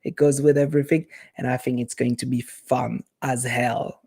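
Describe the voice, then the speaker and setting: A half-Italian man with a French accent rambles chattily to viewers on a live stream, often restarting his sentences. His medium-pitched voice is gravelly and husky with a darkish tone, delivered at a moderate pace in a level tone.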